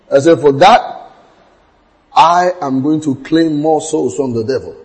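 A pastor preaching a sermon, telling stories with acted quotes and bursts of shouting. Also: male voice, a little high, takes it slowly, rough recording.

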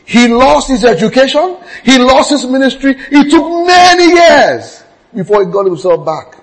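A pastor preaching a sermon, telling stories with acted quotes and bursts of shouting. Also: male voice, very high-pitched, lively intonation, normal speed, low-quality recording.

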